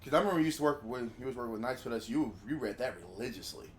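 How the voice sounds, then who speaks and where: A man co-hosting a podcast, talking in a casual, slangy, animated way. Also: mid-range voice, rapid-fire, slight background noise. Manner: animated, slangy, mocks voices with bursts of laughter. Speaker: podcast co-host. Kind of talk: casual chat.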